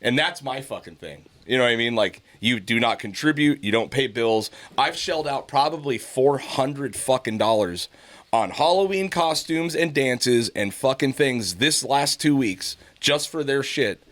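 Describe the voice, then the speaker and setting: A middle-aged man on a podcast, telling a profane, animated story about his kids in a casual chat. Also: mid-range voice, moderate pace. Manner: profane, storytelling, animated when quoting others. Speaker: podcast host.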